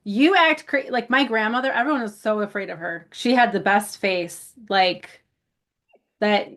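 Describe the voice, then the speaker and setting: A chatty podcast co-host from South Buffalo, New York, rambles through her stories in casual conversation, swearing casually and laughing often. Her voice is mid-range and a bit bright, at a moderate pace.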